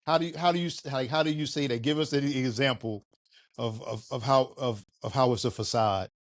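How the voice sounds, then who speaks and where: A man's voice: mid-range voice, brisk. A man interviewing a guest, asking probing questions and restarting them as he goes.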